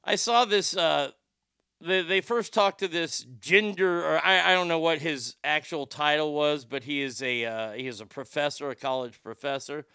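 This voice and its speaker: Gravelly, bright-voiced livestream host man. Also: fairly high pitch, moderate pace, no room sound, clean studio sound. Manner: rambling and profane, with frequent restarts. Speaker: livestream host reading viewer chat. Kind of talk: casual livestream chat.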